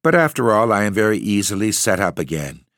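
A man's voice: on the low side, sing-song, fairly quick, fairly bright tone, no room sound, studio quality. A man reading an audiobook, voicing a languid, dreamy young noblewoman who is frail and mysterious and speaks in a drowsy murmur.

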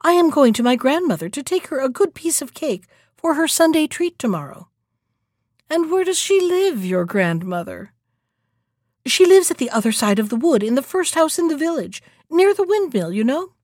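A woman's voice: high-pitched, big pitch swings, moderate pace, darkish tone, dry recording, clean studio sound, pitched above the performer's own voice. A woman voicing a trusting, curious little girl in a storybook reading, eager and wide-eyed. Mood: chatty.

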